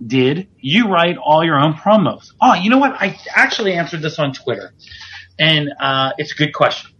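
A man hosting a casual podcast, his husky voice recorded a little dull. He rambles through his stories with restarts and pokes fun at himself. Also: on the high side, fairly bright tone. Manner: rambling, self-deprecating, frequent restarts. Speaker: podcast host, pro wrestler. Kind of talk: casual chat.

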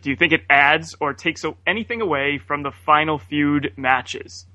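A man's voice: on the high side, moderate pace, pushed and bright, no echo. A man co-hosting a podcast, joking casually and reading out listener questions. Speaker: podcast co-host. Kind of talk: casual chat.

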